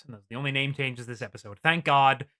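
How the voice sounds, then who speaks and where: Bright-voiced man chatting on a podcast. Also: medium pitch, fast. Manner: animated, swears freely, laughs often. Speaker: podcast co-host. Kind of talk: casual podcast chat.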